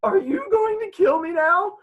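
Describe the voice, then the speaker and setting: A man's voice: very high voice, expressive, a little slow, phone-quality sound, voice pushed up, heavily acted. A man voicing his terrified, crying eight-year-old self, screaming and pleading.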